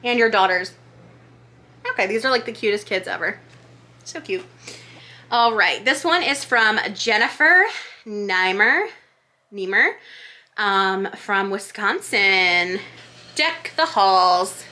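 A woman's voice: medium pitch, animated, measured pace, long pauses, bright, forceful tone. A young woman vlogger who gushes as she reads holiday cards aloud in a casual vlog. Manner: gushing, effusive.

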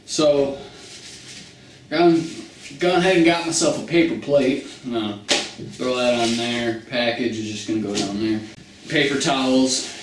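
A man doing a casual, crude food-challenge vlog, talking slowly and sometimes with food in his mouth. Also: mid-range voice, slight background noise. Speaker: food review vlogger. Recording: roomy audio from far mic with guitar music.

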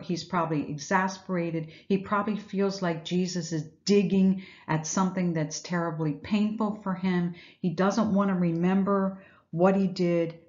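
A woman's voice: on the low side, darkish tone, muffled recording. A woman giving an earnest, reflective Easter devotional message, retelling scripture and asking rhetorical questions. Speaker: Bible teacher.

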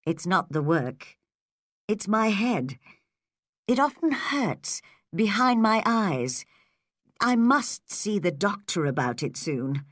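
A weary older farm woman, read by a woman narrator, slow and subdued in her storybook lines. The voice is close and dry, with lively shifts of pitch. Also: no room sound, full character voice. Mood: worried. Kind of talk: storybook reading.

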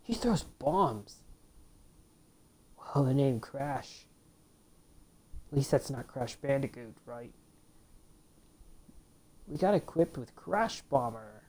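A woman with a bass voice and lively intonation gives casual let's-play commentary on a video game, taking it slowly and pausing often in a warm tone. Between exclamations she grumbles playfully and mutters half-whispered asides to herself, with slight background noise audible.

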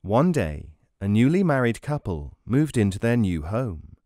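Low-voiced man reading a children's folk tale, very slow, lively intonation, dry close sound. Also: dry recording. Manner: slow, measured, expressive. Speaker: storyteller. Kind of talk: read-aloud storybook narration.

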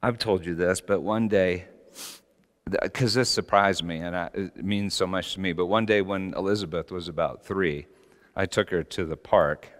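A man's voice: low voice, steady tone, normal speed. Middle-aged male pastor, passionate storyteller, big swings; large church hall, long reverb. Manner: passionate, storytelling, rising to shouts. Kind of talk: sermon.

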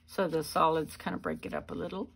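A woman hosting a craft channel, giving a chatty, unhurried show-and-tell of her handmade cards. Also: low voice, big pitch swings, gravelly, slight background noise. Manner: chatty, unhurried walk-through. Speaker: card-making channel host.

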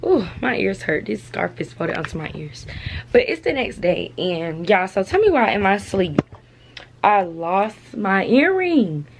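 A woman's voice: mid-range voice, very animated, measured pace, a little hiss or hum. A young woman chatting casually to her camera at home, full of slang and "y'all". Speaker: vlogger.

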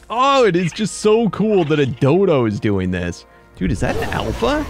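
Young guy yelling through a survival game, gravelly voice, big swings up and down. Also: high-pitched, moderate pace, soft background music. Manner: excitable, yelps and groans at in-game mishaps. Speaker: gaming YouTuber. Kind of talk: let's play commentary.

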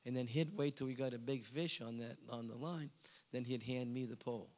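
A middle-aged evangelist preaching a revival sermon, telling animated stories and bursting into squeaky voices for the people in them. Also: male voice, fairly quick. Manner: animated storytelling, jumping to squeaky quoted voices. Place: large church hall. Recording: long hall reverb.

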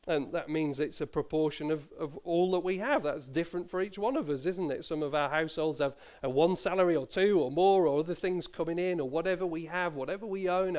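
Chatty preacher, slightly high voice. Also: male voice, a little mellow. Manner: conversational, self-deprecating, with asides and small laughs. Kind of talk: sermon. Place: church.

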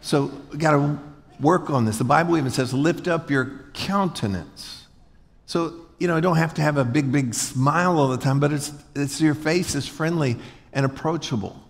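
A man's voice: a little high, moderate pace, creaky. Man, pastor; casual joking sermon, calls on the crowd to repeat lines, big echoey church. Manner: folksy, joking, asks the congregation to repeat after him. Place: large church hall before a congregation.

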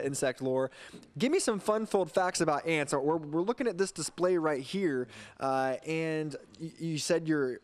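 A man reporting live for a TV news segment from inside a bug museum, chatty and laughing nervously. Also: medium pitch. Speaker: field reporter.

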